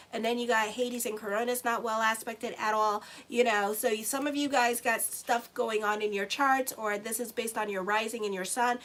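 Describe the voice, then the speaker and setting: A woman's voice: fairly high pitch, fairly bright tone, rough recording. A woman astrologer giving a casual monthly tarot reading, talking bluntly and sassily straight to her viewers. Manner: blunt, sassy, talks straight to viewers with y'all and okay.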